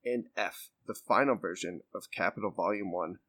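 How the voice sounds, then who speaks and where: A man's voice: low voice, moderate pace, sharp tone. A young man on a podcast who reads a history text aloud and breaks off into loose, rambling chat full of fillers. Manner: reads steadily, then rambles with fillers and swearing. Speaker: podcast co-host reading aloud.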